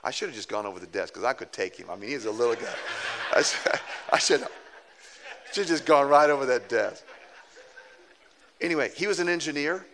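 A man's voice: mid-range voice, a little fast, slight background noise. A middle-aged man preaching a sermon, telling a story with humor and acting out the people in it. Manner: animated, self-mocking storyteller who acts out quoted people. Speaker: pastor.

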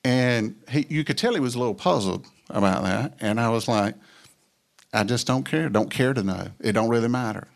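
A man's voice: medium pitch, normal speed, gravelly. A middle-aged man telling a personal faith story in a folksy way, acting out the dialogue as he goes. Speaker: businessman sharing his testimony. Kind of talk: personal testimony talk.

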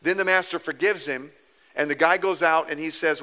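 This middle-aged pastor's voice is on the high side and moves at a normal speed as he preaches. He tells a humorous story in an animated, self-deprecating way, acting out each person he quotes.

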